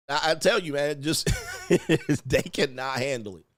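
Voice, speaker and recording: Animated male livestream host, dry sound. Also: on the high side, measured pace, no room sound. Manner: animated, mocking impressions of others. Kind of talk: casual livestream commentary.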